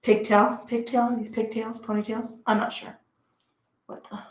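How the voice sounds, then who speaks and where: A woman leading a mat pilates class at home, giving chatty, encouraging cues between breathy exertion sounds. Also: a little high, flat delivery, normal speed. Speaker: pilates instructor. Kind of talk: guided workout instruction. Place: home room, dogs heard about. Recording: roomy echo.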